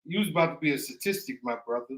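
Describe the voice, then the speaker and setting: A man's voice: fairly high pitch, lively intonation, very fast, crowd noise. A man co-hosting a podcast, chiming in with wry remarks in casual chat. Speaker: podcast co-host.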